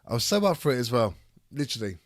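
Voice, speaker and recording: A man with a raspy voice from a cold, chatting casually on a live stream and reading chat aloud. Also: mid-range voice, big pitch swings, quick pace, dry recording, studio quality. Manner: reads chat aloud, rambling and swearing. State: ill with a cold, raspy throat. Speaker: streamer hosting a debate.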